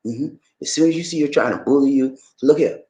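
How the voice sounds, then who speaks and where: A man giving casual relationship advice on a vlog, emphatic and preachy, calling the listener "man" and "baby". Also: brisk. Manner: animated, swoops up high for emphasis. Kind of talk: casual motivational advice talk. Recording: echoey room.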